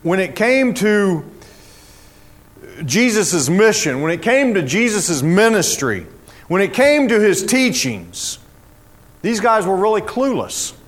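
A man's voice: high voice, very animated, slow pace. A man preaching a sermon in a folksy, storytelling way. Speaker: pastor.

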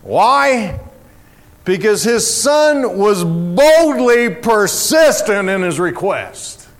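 Preacher guy telling a story, high and bouncy voice, takes his time. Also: very slow. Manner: folksy, animated storyteller. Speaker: pastor. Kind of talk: sermon with storytelling.

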